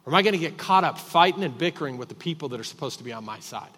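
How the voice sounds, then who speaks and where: A man preaching a sermon as pastor, emphatic and repetitive, swinging between loud and quiet. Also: on the high side, lively intonation, rapid-fire, in a large hall. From Texas.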